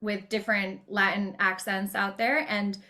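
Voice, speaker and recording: A woman voice actor talking casually as an interview guest, chatty with frequent laughs and quick asides. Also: medium pitch, flat delivery, pushed and bright.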